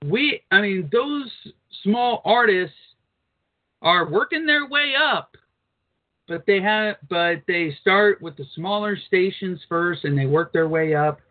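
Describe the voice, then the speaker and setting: A man's voice: high voice, lively intonation, slow. A man co-hosting an uncensored talk radio show, reading news aloud with crude, blunt asides. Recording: phone-like narrow band.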